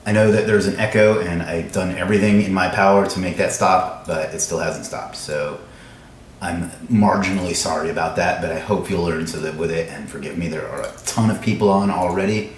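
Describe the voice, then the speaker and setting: A man hosting a live stream, chatting casually with viewers in a fast, joking, self-mocking way, in a room with echo. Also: low voice, steady tone, a little hiss or hum. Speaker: livestream host. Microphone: livestream camera setup. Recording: echoey room sound.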